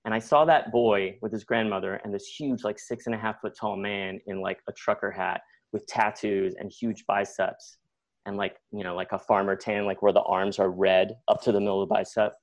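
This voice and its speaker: A middle-aged man telling a personal story on live radio, conversational and animated, with many likes and acted-out quotes. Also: on the low side, moderate pace. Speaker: storyteller guest.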